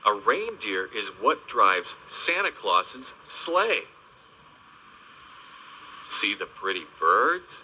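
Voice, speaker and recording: A man narrating a children's video in a slow, sing-song teaching voice, stressing each animal name with gentle, exaggerated emphasis. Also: on the low side, very animated, a little hiss or hum. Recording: dull, lo-fi old video soundtrack.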